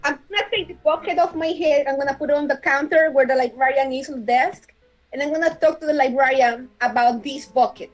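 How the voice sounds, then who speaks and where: Woman player in an rpg, real high voice, earnest and persuasive, trips on words, light music behind. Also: fairly quick, low-quality recording. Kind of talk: playing a tabletop game.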